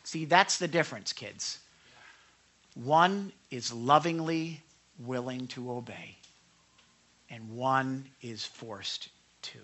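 Bright-voiced animated preaching man. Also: mid-range voice, unhurried. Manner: lively, emphatic, checks in with listeners. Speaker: pastor teaching a youth group. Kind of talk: animated sermon. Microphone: microphone.

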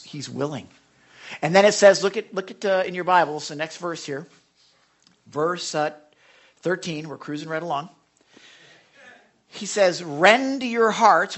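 A male pastor preaching a sermon to his congregation, asking them direct questions and dropping to a hush when he reads scripture. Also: a little high. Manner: emphatic, swings between loud appeals and hushed scripture readings. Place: church sanctuary.

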